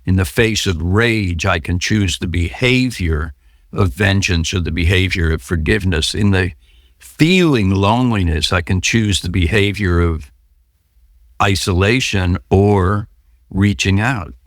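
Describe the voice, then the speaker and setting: Guy with a lowish voice, dry close sound, storytelling in an interview, does little voices for people. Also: measured pace, no room sound. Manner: storytelling, acts out quoted voices. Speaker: podcast guest. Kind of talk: candid recovery interview.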